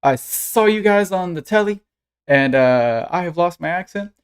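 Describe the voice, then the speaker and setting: A man voicing an excitable eight-year-old girl who gushes over her heroes in a tabletop game. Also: high-pitched, normal speed, clear, resonant tone, pitched above the performer's own voice. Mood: gushing excited. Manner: bubbly, gushing, breathless chatter.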